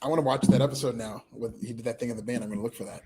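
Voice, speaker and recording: A man co-hosting a podcast in casual chat, easygoing, opinionated and quick to laugh. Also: medium pitch, fairly even intonation, noisy background. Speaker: podcast co-host.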